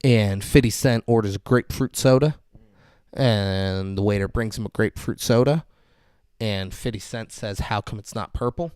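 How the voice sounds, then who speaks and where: A man co-hosting a podcast, casually recapping a TV episode with animated, profane retellings and frequent laughs. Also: mid-range voice, gravelly, dry recording, clean studio sound. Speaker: podcast co-host.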